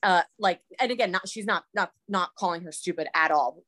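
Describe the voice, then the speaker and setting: A woman's voice: on the low side, fairly quick, fairly bright tone. A woman co-hosting a casual podcast about reality TV, talking animatedly with many fillers and acted-out quotes. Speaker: podcast co-host.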